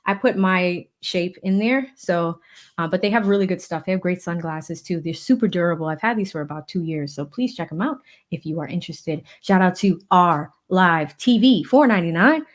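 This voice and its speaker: A woman's voice: lowish voice, moderate pace. A woman from the Boston area hosting a casual livestream, chatty and effusive as she reads out viewer donations. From Boston area, USA. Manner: chatty and effusive, with many thank-yous and shout-outs. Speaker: livestream host of a legal commentary channel.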